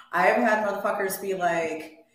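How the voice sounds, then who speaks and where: A woman co-hosting a podcast in casual chat, blunt and quick to swear, laughing a lot. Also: medium pitch, heavy background noise. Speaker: podcast co-host. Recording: roomy echo.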